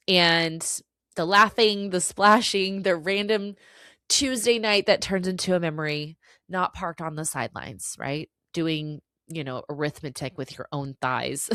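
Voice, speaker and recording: Woman podcast host, lowish voice, earnest and emotional, swears, dry close sound. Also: a little slow, a bit bright, no echo. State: tearful at times. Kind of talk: casual solo podcast talk.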